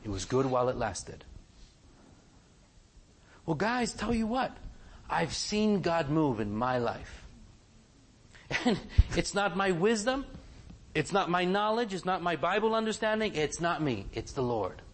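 Animated man preaching a sermon. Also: a little high, measured pace, long pauses. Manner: animated, asks the congregation many questions.

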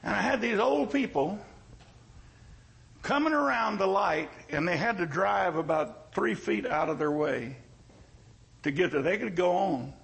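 A man's voice: sits high, expressive, measured pace, gravelly, fairly bright tone, low-quality recording. A male pastor preaching a sermon in a folksy, joking way, with emphatic repetition.

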